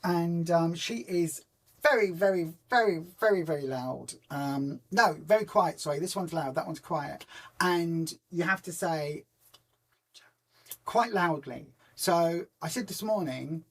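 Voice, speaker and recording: A chatty woman hosts a relaxed weekend live stream. She rambles from story to story, retelling whole conversations in reported speech and stopping often to answer viewer comments. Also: sits low, slow pace. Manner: homely and informal, many ums and restarts. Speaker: host of a weight loss community live stream.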